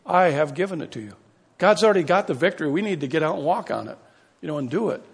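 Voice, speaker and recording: A man's voice: on the high side, lively intonation, quick pace, gravelly, husky. A man preaching a sermon as pastor, impassioned and building to emphatic peaks. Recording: long hall reverb.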